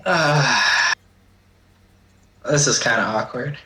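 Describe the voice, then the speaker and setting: A man playing a tabletop game, excitable and laughing, swearing freely. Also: medium pitch, takes it slowly. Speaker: player.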